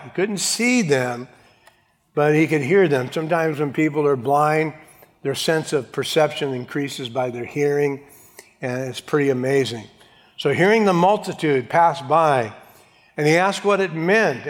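Man, pastor, sermon, dramatic, slightly high voice, long hall echo. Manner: dramatic, acts out Bible voices.

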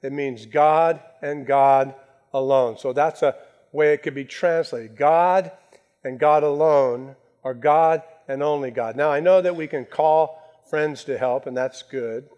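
A man preaching a sermon, slowing down to stress his key phrases. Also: a little high, darkish tone, dull audio. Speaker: pastor.

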